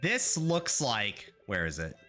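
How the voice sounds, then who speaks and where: A man's voice: medium pitch, wildly swooping pitch, slow pace, bright, forceful tone, soft background music. A young man streaming a video game, chatting casually to his audience in playful, rambling rants with lots of swearing. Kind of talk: casual gaming livestream chat.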